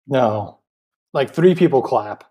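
Podcast co-host, husky voice, animated pitch, quick jokey comments. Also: lo-fi sound. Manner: jokey asides, laughs a lot, mimics characters. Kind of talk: casual movie recap chat.

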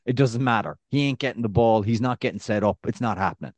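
An Irish man in his thirties, co-hosting a casual podcast chat, animated and rambling with restarts and acted-out anecdotes. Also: medium pitch, fast talker, dry recording. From Ireland. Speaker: podcast co-host.

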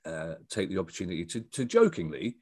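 A middle-aged man speaks in a lowish, husky voice, rambling through anecdotes with plenty of restarts and self-mocking asides. The sound is dry and close-miked. He talks like a guest in a relaxed podcast chat. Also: a little fast, dry recording. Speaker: comedian and writer, guest. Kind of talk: casual storytelling chat.

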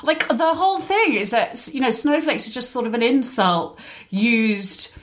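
Chatty woman, animated and laughing. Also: fairly high pitch, unhurried. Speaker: guest author. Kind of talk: casual chat.

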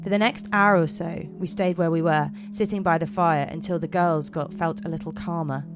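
Woman host, lowish voice, put-on American accent, dramatic horror reading, music behind. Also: steady tone, moderate pace. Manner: dramatic, giggly reading with slips. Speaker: podcast host and storyteller. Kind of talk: reading horror stories aloud.

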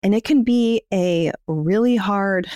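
A woman's voice: mid-range voice, slow, warm tone, no room sound, clean studio sound. A woman co-hosting a podcast, explaining her ideas in a candid, casual way and swearing freely. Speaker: podcast co-host.

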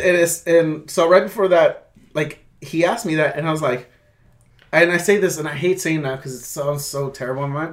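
A young man telling a long story in casual chat, halting and rambling, with many restarts and swearing. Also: on the high side.

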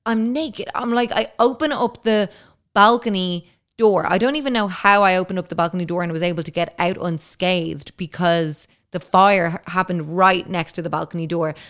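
A woman's voice: fairly low pitch, fairly bright tone. A woman hosting a podcast, telling a story in a casual, chatty way, full of filler words and swearing. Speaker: podcast host.

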